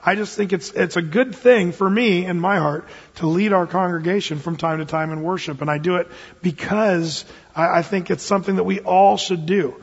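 A man's voice: sits high, normal speed, breathy edge. Earnest male pastor preaching in a hall. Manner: earnest preaching with reflective asides and scripture reading. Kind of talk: sermon. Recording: dull sound with long hall reverb.

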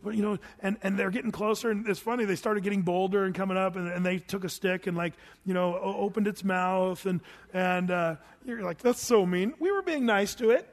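A man's voice: sits high, a little fast, in a large hall. A middle-aged man preaching a verse-by-verse sermon, telling stories animatedly and acting out voices. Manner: animated storytelling with acted-out voices. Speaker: pastor.

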